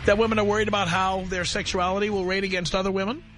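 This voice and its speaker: A man's voice: sits high, flat delivery, quick pace, a bit bright, faint music behind. A man hosting a radio call-in show, blunt and brash as he takes callers. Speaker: radio talk show host.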